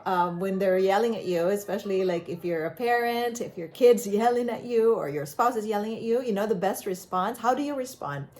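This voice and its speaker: A woman giving a motivational self-help talk in a calm, gentle, conversational way, with frequent fillers and repeated phrases. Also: medium pitch.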